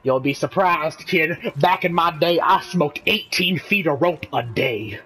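A man voicing a folksy, gruff backwoods fighter with a put-on who calls his partner kiddo. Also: on the high side, measured pace, pushed and bright, soft background music. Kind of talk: comedic gameplay role-play.

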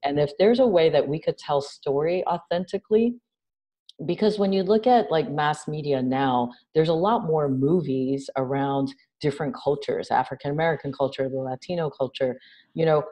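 A woman from New York City speaking as an interview guest, animated and conversational, often checking in with "right?". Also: deep voice. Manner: animated, acts out quoted dialogue, frequent "right?". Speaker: interview guest, nonprofit founder.

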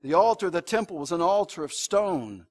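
Emphatic high-voiced man preaching. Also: animated, brisk. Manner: conversational preaching with emphatic rises, anecdotes and asides to the congregation. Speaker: pastor. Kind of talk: sermon. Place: church sanctuary.

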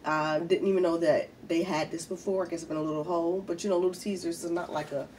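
A woman's voice: on the low side, steady tone, fast, darkish tone, far from the mic, a little hiss or hum. A woman, chatting casually while eating in a mukbang video, a little congested from a head cold. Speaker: mukbang vlogger.

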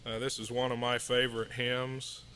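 A man giving a sermon at a house church, reading scripture and hymn lyrics in a measured way. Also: medium pitch, flat delivery, bright, forceful tone, a little hiss or hum. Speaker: lay preacher. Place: house church meeting room.

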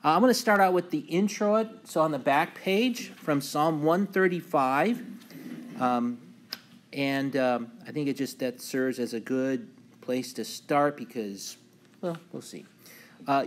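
A man's voice: medium pitch, unhurried. A man teaching a morning Bible class as pastor, talking loosely with many fillers and reading scripture aloud with emphasis. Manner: relaxed, many ums and uhs, reads scripture aloud with emphasis.

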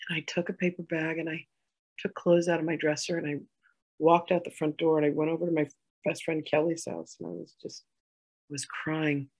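A woman telling a personal story in a healing session, animated, acting out arguments and laughing. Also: deep voice, moderate pace, poor audio.

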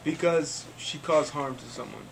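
A man patiently narrating a tabletop game for children as game master, with halting restarts, in a noisy room recording. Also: on the high side, creaky. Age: adult. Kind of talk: running a tabletop game for kids. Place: school club room.

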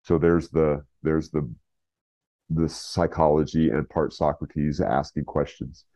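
A man's voice: extremely low pitch, little pitch movement, slow pace, warm tone, no echo. A man retelling a story as an interview guest, rambling with fillers and restarts. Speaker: guest, writer. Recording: slightly dull lo-fi recording.

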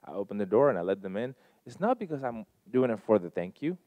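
A lowish male voice with big pitch swings and a quick pace comes through a dry recording with the highs cut off. At a community gathering, he tells personal stories to a live audience, earnest and heartfelt, with emphatic swings in loudness.

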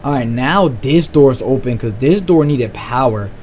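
A young man giving excitable, slang-heavy let's-play commentary on a horror game and reacting loudly to scares. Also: mid-range voice, unhurried, slight background noise. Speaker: gaming YouTuber.

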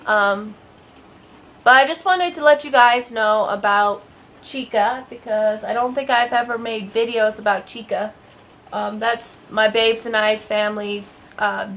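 A young vlogger from Colorado, USA, chats casually in a home vlog, rambling with lots of ums and a loose, sweary style. Her voice is a little high and fairly bright.

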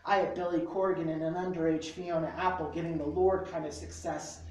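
A woman's voice: low voice, level tone, fairly quick, darkish tone. A woman reciting spoken word poetry at a small live venue, with rhythmic, emphatic delivery. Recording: very echoey room, mic from far off.

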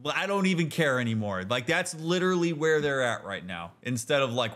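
A man giving casual, animated let's-play commentary as a therapist, talking in slang with restarts and leaping into excited outbursts. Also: medium pitch, fairly quick. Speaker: therapist commenting on a video game.

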